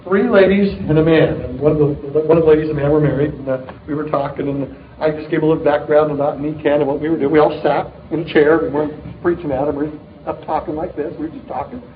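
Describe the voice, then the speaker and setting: Middle-aged guy pumping up a sales crowd, highish voice, punchy jokey stories, sounds like it's over a phone line. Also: steady tone, fast, reverberant. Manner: upbeat storytelling, joking, punchy. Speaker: sales leader speaking at a distributor meeting. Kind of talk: motivational talk to a live audience. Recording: tinny, narrow-band recording of a live talk.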